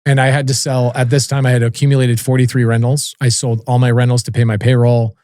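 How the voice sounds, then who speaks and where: A man's voice: medium pitch, flat delivery, fast, a little mellow, dry recording, studio quality. A man in his forties, a podcast guest telling stories casually and animatedly, acting out the voices of people he quotes and swearing offhandedly. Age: 40s. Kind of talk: casual storytelling interview.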